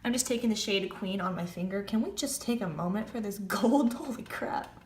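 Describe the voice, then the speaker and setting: A woman's voice: medium pitch, a little fast, a little mellow. Chatty young woman in an echoey room. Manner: chatty, rambling storytelling with many fillers. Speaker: beauty vlogger. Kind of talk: casual chat. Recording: echoey room with faint background hiss.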